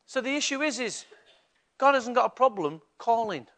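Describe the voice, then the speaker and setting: An older man with a Mancunian accent, a pastor preaching a lively sermon and putting questions to the congregation in church. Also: very high-pitched.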